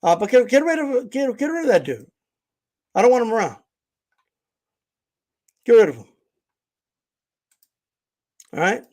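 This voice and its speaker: A man's voice: extremely high pitch, big pitch swings, unhurried, long pauses, darkish tone. A man hosting a boxing channel livestream, ranting in a blunt, profane, confrontational way. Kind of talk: livestream rant.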